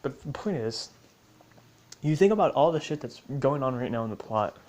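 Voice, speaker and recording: A man's voice: mid-range voice, lively intonation, normal speed, a little mellow, low-quality recording. A man casually recapping a game story, swearing and joking as he acts out other players' lines. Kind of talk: casual rambling recap with acted-out quotes.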